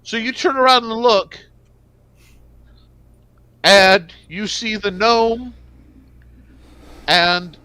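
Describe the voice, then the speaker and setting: Narrate as a man running the table: high and bright, unhurried, casual and cussing. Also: clean tone, dry recording. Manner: loose, profane and joking. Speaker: game master.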